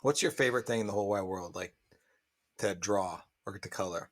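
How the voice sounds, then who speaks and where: A man's voice: fairly low pitch, brisk. A man co-hosting a casual podcast who talks in a coaxing, fatherly way. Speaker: podcast co-host.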